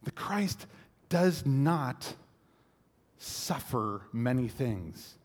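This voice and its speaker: A man's voice: mid-range voice, very animated, extremely slow, heavily acted. A man voicing the disciple Peter, making emphatic, rising declarations. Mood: rebuking. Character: impassioned male disciple Peter, fervent and bold. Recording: echoey hall reverb.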